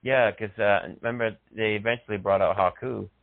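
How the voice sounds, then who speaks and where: Gravelly man laughing through a tinny line. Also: fairly low pitch, fairly even intonation, a little fast, dry recording. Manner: laughs often, enthusiastic. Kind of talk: casual chat. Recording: dry, phone-like sound.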